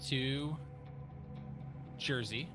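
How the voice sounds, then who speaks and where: A man co-hosting a casual podcast, thinking out loud while answering a quiz. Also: medium pitch, very slow, music in the background. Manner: animated, laughing, thinks out loud. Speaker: podcast co-host, quiz contestant.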